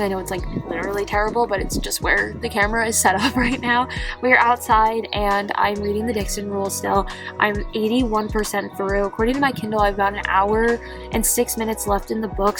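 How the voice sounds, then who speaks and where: Gushing book-vlogger woman, music behind. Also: medium pitch. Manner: gushing, excitable, lots of "like" and "oh my God". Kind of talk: casual reading vlog. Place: outdoors.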